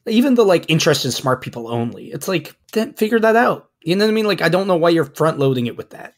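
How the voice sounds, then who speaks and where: A man co-hosting a podcast in casual chat, reading things aloud with a blunt, wry, deadpan delivery. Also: fairly high pitch, fast. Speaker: podcast co-host.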